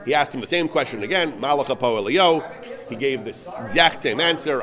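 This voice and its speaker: A man's voice: mid-range voice, animated, brisk, a crowd in the background. A man giving a text-study lecture as a Torah teacher, reading verses aloud and translating them line by line with earnest repetition.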